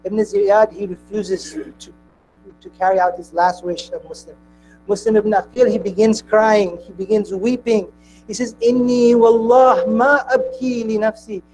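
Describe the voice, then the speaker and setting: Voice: medium pitch, steady tone, moderate pace, mellow, soft background music, low-quality recording. A speaker at a mourning gathering, telling a sacred story in an impassioned, grieving sermon.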